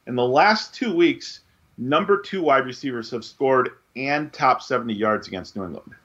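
A man's voice: mid-range voice, expressive, a bit bright. Guy breaking down football picks on a podcast, kinda muffled audio, mid voice. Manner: analytical, measured, with frequent fillers. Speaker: podcast co-host. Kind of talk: casual sports podcast chat.

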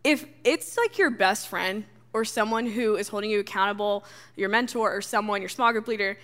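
A woman's voice: mid-range voice, normal speed, fairly bright tone. A young woman giving a sermon to a church gathering, talking casually with dry, sarcastic humor. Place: stage before a live audience.

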